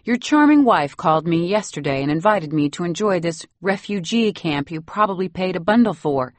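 A woman's voice: on the low side, lively intonation, normal speed, dry recording, lightly acted. A woman voicing an imperious old Boston grandmother. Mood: haughty. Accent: Boston Brahmin. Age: over 60. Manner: imperious, acid, sarcastic. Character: haughty elderly upper-class grandmother. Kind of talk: audiobook character voice.

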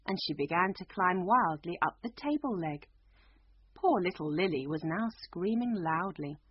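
A woman narrating a storybook aloud in an expressive, sing-song reading voice. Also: on the low side, moderate pace, breathy edge, no room sound. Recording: dull lo-fi recording.

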